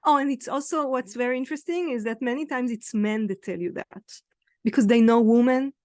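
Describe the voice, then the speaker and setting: A woman from Israel with an Israeli accent, speaking as an interview guest, animated and often laughing as she acts out what people say to her. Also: a little high, brisk, no room sound, clean studio sound. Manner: animated, laughing, acting out quoted remarks. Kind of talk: conversational interview.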